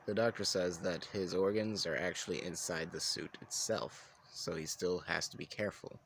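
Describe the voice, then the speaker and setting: A man with a very low voice narrates an improvised fan story casually. He rambles, restarts his sentences and drops in asides. A faint hiss sits under the recording. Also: fairly even intonation, normal speed, gravelly, a bit bright.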